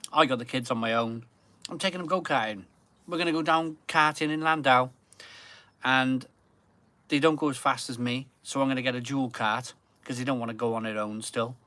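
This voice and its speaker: Chatty man, bright and dry. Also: mid-range voice, no room sound. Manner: rambling, repeats phrases for emphasis. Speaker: beer channel host. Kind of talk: casual live-stream chat. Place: home garden.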